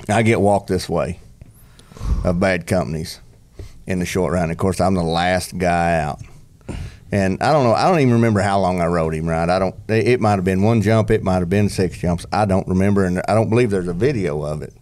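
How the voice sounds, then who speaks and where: A man's voice: lowish voice, darkish tone. A man telling a long, rambling, self-mocking story in casual podcast chat.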